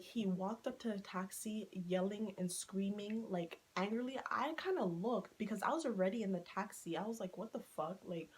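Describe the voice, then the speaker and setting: A woman vlogger telling a dramatic personal story in a casual, animated storytime chat, swearing freely and acting out what people said. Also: medium pitch, low-quality recording.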